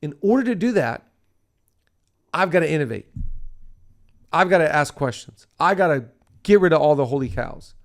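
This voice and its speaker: Emphatic gravelly man preaching leadership. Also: fairly high pitch, expressive, normal speed, pauses often. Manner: emphatic, preacherly, repeats phrases for stress. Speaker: pastor and podcast host. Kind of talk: leadership podcast talk.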